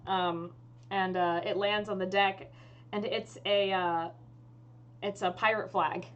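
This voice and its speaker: A woman's voice: mid-range voice, fairly even intonation, slow, dull audio. A woman narrating a tabletop game as dungeon master, chatty and full of fillers.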